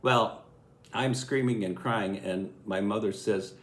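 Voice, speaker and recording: A man's voice: fairly low pitch, slow pace, fairly bright tone. A man in his eighties from Illinois, telling a childhood story in a folksy, chuckling way. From Illinois, USA. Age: 80s. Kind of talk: casual spoken memoir. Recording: echoey room.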